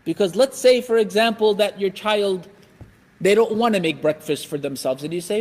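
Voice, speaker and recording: A man giving a religious lecture in an animated way, acting out everyday scenes. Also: sits high, moderate pace. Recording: echoey hall.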